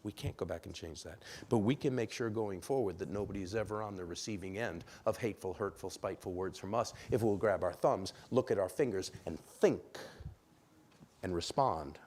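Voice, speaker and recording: A man preaching a sermon in a church, telling a story with lively acted-out quotes and questions to the congregation. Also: fairly low pitch, normal speed, breathy edge. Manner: animated storyteller, acts out quoted voices, asks congregation. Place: church sanctuary.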